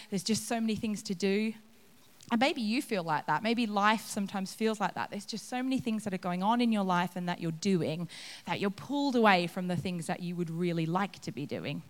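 A woman giving a conversational sermon, acting out the scenes she describes. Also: medium pitch. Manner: conversational, acts out scenes with laughs. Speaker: preacher. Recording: long reverb of a hall.

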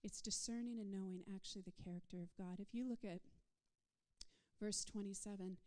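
A woman preaching a sermon, swinging from soft whispered passages to loud, rising declarations in a repetitive call-and-response rhythm. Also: medium pitch, steady tone, fairly quick.

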